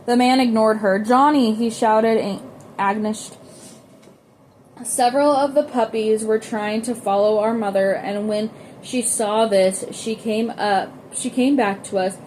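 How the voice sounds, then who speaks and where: A woman's voice: a little high, steady tone, measured pace, darkish tone, a little hiss or hum. A woman reading a novel aloud in an unpolished way, often stumbling and restarting words. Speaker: audiobook reader.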